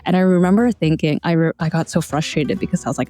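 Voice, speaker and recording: A woman's voice: sits low, fast talker, hardly any pauses, mellow, faint music behind. A young adult woman from the United States, a guest on an interview podcast, talking candidly about her own experiences and laughing now and then as she tells them. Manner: candid, laughs while telling stories. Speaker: guest, founder of a language platform. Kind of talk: conversational interview answer.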